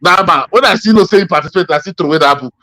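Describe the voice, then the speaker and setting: Bright-voiced Nigerian man telling stories. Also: high-pitched, rapid-fire, dry recording. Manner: rambling, animated storytelling with many fillers. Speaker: podcast co-host. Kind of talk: casual political chat.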